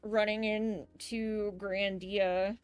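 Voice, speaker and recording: A woman's voice: mid-range voice, little pitch movement, drawn-out words, clean tone, dry recording, soft background music. A woman playing a visual-novel game, reading its text aloud and adding playful, joking asides. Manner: playful, joking asides between read lines. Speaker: game player.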